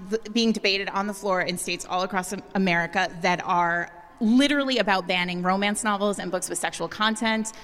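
A woman's voice: medium pitch, a little fast. A woman co-hosting a live podcast show on stage, upbeat and playful as she works the audience. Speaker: podcast co-host. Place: large hall with live audience. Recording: hall reverb, loud crowd and noise.

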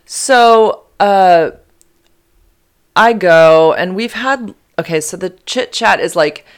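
Female podcast host, low register, chatty, emotional, rambling. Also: slow pace, smooth. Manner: rambling, emotional, full of fillers. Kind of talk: casual confessional chat. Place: car.

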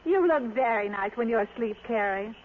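Woman playing a poised dry teasing lady, lively pitch, tinny noisy 1940s radio. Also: normal speed, lightly acted. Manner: dry, gently teasing delivery. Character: poised, sure-of-herself career woman, teasing. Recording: scratchy lo-fi 1940s radio broadcast.

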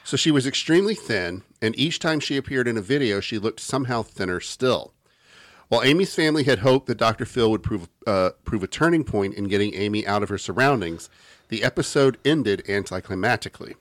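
A man's voice: fairly low pitch, expressive, a little fast, dry recording, clean studio sound. A man co-hosting a podcast, telling the story from his research and teasing his friends. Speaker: podcast co-host. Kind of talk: casual chat, reading out research.

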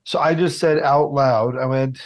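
Male TV food host, mid-pitched, a profane and animated raconteur. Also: normal speed. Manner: animated, swearing, acts out voices. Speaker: TV food show host, interview guest. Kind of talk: casual interview storytelling.

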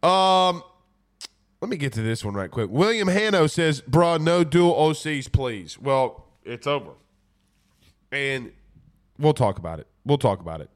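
A man's voice: medium pitch, animated, a little slow. Congested man hosting sports talk. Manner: laid-back, rambling with fillers. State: congested from a cold. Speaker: podcast host. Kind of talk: casual sports talk, reading viewer comments.

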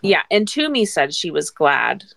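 Woman, lowish voice, podcast co-host, casual recap, laughs a lot, dry close mic. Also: sing-song, a little slow, creaky, fairly bright tone, no echo. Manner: laughs often, narrates plot.

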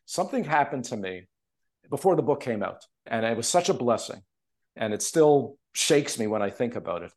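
Man, from Canada, animated storyteller, casual podcast interview, remote call. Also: mid-range voice, moderate pace. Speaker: guest, TV producer and author.

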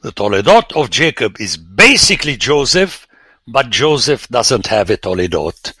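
A man, a priest, giving a lecture on scripture with animated, theatrical emphasis and sudden exclamations. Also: medium pitch, moderate pace, husky, no room sound.

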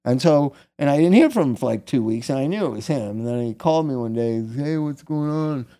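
A man's voice: mid-range voice, lively intonation, fast talker, dark tone. A middle-aged man casually telling a long personal story as a guest, candid and rambling, often tagging "right?" onto his sentences.

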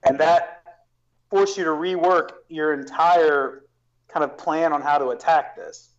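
A man's voice: a little high, unhurried, dull audio. A man talking as a guest on a casual podcast, explaining his planning at length with frequent restarts and fillers.

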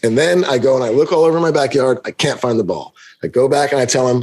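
A man's voice: mid-range voice, fast, darkish tone. A man co-hosting a podcast, telling a long story in casual chat and acting out the quotes with big jumps in his voice. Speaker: podcast co-host.

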